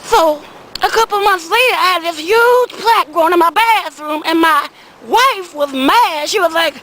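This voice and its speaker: A woman's voice: very high voice, animated, moderate pace, a bit bright, low-quality recording. A woman playing an older man who tells a rambling comic story, repeating little words like "see" and "I said" as he goes. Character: older Southern man, rambling small-time weed seller. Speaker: comic character monologue. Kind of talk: comedic storytelling in character.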